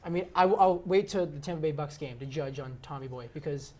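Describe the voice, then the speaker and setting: A man's voice: fairly high pitch, fast, a little mellow. A young man co-hosting a casual sports debate, sarcastic and full of jabs. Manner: sarcastic, keeps tagging lines with "all right?". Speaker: co-host.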